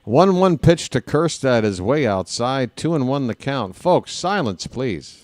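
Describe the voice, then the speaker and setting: A man calling a baseball game play by play in a fan-made broadcast, rambling into joking asides between pitches. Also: animated, a little slow, darkish tone, no room sound. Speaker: play-by-play announcer.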